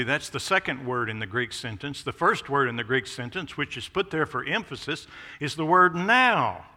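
A man preaching a sermon as pastor of a church, emphatic, swelling loud on key phrases and dropping low on others. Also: long reverb tail. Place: church sanctuary.

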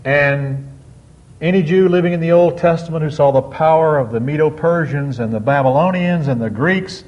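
A man preaching a sermon on a psalm, reading scripture slowly and drawing out key words with emphatic swings. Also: on the high side, a little mellow. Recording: dull lo-fi sound.

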